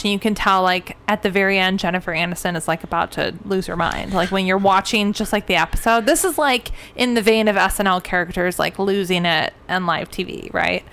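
Young woman co-host: bright, smooth voice, animated and profane storyteller. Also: mid-range voice. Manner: animated storyteller, swears freely, mimics sounds. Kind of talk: casual chat.

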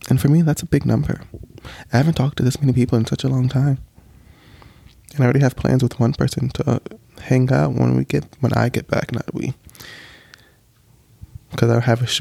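A young man vlogging in casual chat, sassy and expressive, swearing freely and popping into playful high voices. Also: vocal fry, dry recording.

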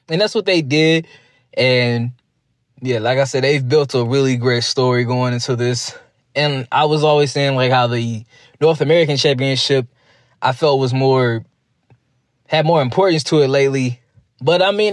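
A man talks in a loose, rambling way, recapping a wrestling show like he's chatting with friends. His voice sits a little high for a man, and it's recorded close and dry with no room sound. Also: no echo. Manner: rambling, chatty, slips into quick mock voices. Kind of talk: casual recap commentary.

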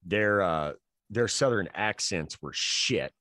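Male podcast co-host, very deep voice, dry sound, easygoing profane chat. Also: lively intonation, slow pace, bright, forceful tone, dry recording.

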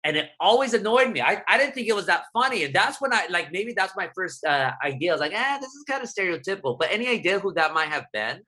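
A bright, forceful man from Southern California talks as a guest in a casual interview. He is animated and full of fillers, and he sits a little higher than most men. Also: quick pace, hardly any pauses. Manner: animated, many fillers, quotes his younger self. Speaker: guest columnist.

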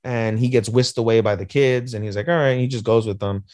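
A man's voice: medium pitch, steady tone, quick pace, a little mellow, dry recording, clean studio sound. A man co-hosting a podcast, recapping an anime episode in casual chat, acting out the characters' lines with lots of swearing. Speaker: podcast co-host.

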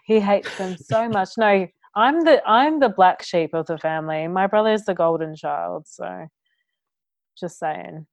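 A woman's voice: fairly low pitch, a little slow, gravelly, dry recording. A young woman co-hosting a podcast, joking wryly and laughing easily. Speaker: podcast co-host. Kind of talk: casual chat.

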